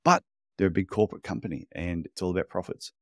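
A chatty man co-hosting a podcast, telling stories in a blunt, animated way. His voice sits low. The sound is dry and close. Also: quick pace, no echo. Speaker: podcast co-host, podiatry business coach. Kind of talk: casual podcast chat.

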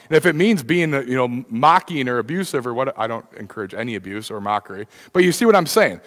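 Male pastor, mid-pitched voice, chatty sermon delivery full of restarts, long church-hall reverb. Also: lively intonation, fast, few pauses, fairly bright tone. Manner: conversational preaching, frequent fillers and restarts. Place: church sanctuary.

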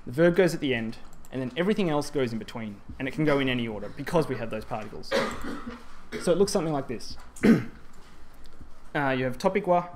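Man, mid-pitched voice, conference presentation, explanatory, hesitant restarts, faint background noise. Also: animated, fast. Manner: explanatory, frequent ums and restarts. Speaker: Japanese language presenter. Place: presentation hall.

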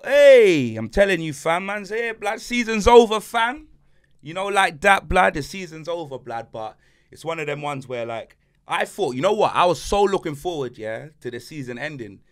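Guy hosting a banter pod, ranting hard in slang, high voice that jumps all over. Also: moderate pace. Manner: animated, slang-heavy ranting. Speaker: podcast host. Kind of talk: casual banter podcast rant.

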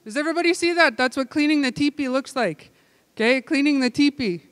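A man leading a language-camp group game indoors, calling out playful, energetic instructions. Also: very high-pitched, fairly quick, no echo. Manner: energetic, playful, giving loud calls and instructions. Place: indoor room with tables.

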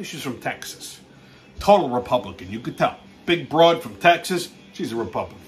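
A man hosting a show and telling a story in a brash, profane, animated comic rant. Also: on the high side, normal speed, slight background noise. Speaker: show host.

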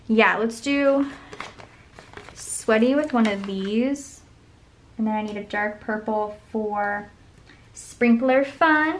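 A young woman with a slightly high voice chats casually while she decorates her planner. She rambles through stories, stacking "like" and "um" as she goes, in a relaxed plan-with-me vlog. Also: a little hiss or hum. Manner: chatty, rambling, filler-heavy storytelling. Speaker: planner vlogger.

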